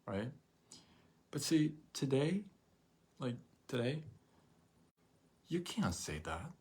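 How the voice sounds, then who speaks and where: Male livestream host, mid-range voice, animated and rambling in casual motivational talk. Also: medium pitch, takes it slowly, husky. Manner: animated, rambling, repeats himself, acts out quotes. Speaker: live show host.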